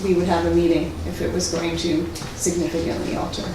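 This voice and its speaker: A woman's voice: fairly low pitch, little pitch movement, fairly quick. A woman on a board committee insists that the committee's decisions were sound and justifies them point by point. She is heard from a distance in a reverberant room, with noticeable room noise. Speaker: library board committee member. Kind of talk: heated board meeting argument. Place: library meeting room. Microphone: distant camera. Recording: echoey room from far off.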